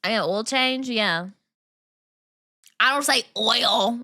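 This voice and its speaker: A woman's voice: on the high side, slow pace, pauses often, bright, forceful tone. A woman streaming and chatting casually with her viewers, giggling often and teasing as she reads and answers the chat. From Long Island, New York.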